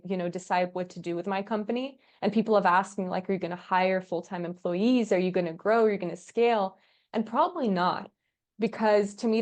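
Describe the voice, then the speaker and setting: A woman's voice: medium pitch, darkish tone. A woman guest on a podcast, chatting casually and acting out quoted dialogue as she tells stories, laughing often. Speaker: podcast guest, agency founder. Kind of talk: casual interview chat.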